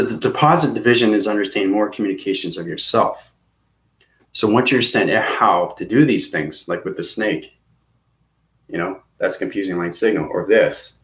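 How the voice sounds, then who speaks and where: A man's voice: low voice, echoey room. A man giving a rambling spiritual lesson, often stopping to check in with "okay?" and "right?". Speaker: spiritual teacher. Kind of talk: casual instructional monologue.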